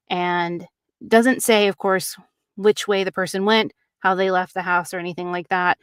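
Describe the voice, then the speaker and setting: A woman hosting a true crime podcast, retelling a case casually with many fillers and quick acted-out quotes. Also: on the low side, steady tone, clean tone, dry recording, studio quality.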